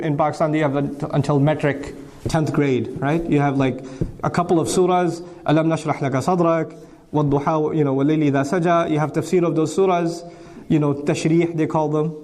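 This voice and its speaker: A man gives a religious lecture in a fairly high voice. He poses rhetorical questions and answers them himself, repeating key words for emphasis. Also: darkish tone. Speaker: Islamic speaker.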